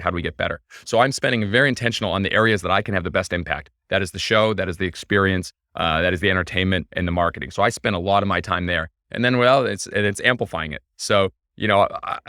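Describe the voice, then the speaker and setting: Fast, bright-voiced eager man. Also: deep voice, dry recording, clean studio sound. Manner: energetic, eager storytelling. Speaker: podcast guest, baseball team owner. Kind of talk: casual interview chat.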